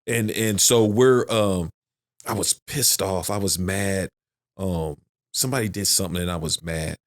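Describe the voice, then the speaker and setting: A man's voice: sits low, unhurried. A middle-aged man in casual podcast chat, rambling and repeating himself, swearing now and then. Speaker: podcast guest.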